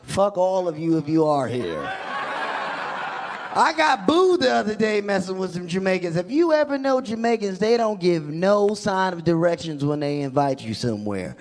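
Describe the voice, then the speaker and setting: Young male stand-up, high-pitched and bouncy, loud bursts, club stage mic. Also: moderate pace, a little hiss or hum. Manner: animated storytelling with loud bursts. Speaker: stand-up comedian. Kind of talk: stand-up comedy set.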